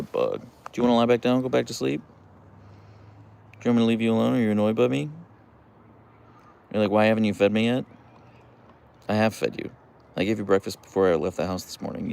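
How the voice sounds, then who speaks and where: A young man talks casually to his livestream viewers from home, rambling through stories with plenty of fillers and restarts. His voice sits very low, yet it rises and falls in lively swings as he reads and answers chat comments. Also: vocal fry. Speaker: dog owner livestreaming his huskies. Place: at home, on a deck by his dogs.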